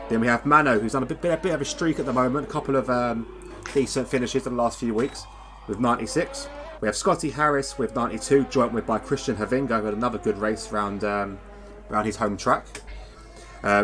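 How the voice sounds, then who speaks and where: A man's voice: mid-range voice, fairly bright tone. A man hosting live sim-racing commentary, chatty and rambling, reading out standings with self-deprecating asides. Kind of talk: live esports race commentary.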